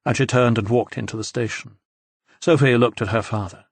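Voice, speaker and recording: Narrator: man, even measured delivery, dry booth sound. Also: on the low side, dry recording. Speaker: audiobook narrator. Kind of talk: scripted narration.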